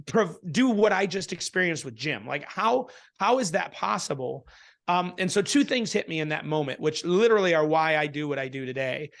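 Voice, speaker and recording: Animated man telling a story. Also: on the high side. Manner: animated storyteller, many restarts, acts out quotes. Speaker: interview guest. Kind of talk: casual storytelling in a conversation.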